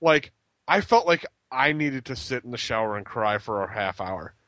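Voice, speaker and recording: A man's voice: mid-range voice, animated, moderate pace, a bit bright, no room sound. A man co-hosting a casual wrestling podcast, recapping with jokes and silly quoted voices. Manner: joking, recaps with mock-breathy quotes. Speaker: podcast co-host. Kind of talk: casual chat.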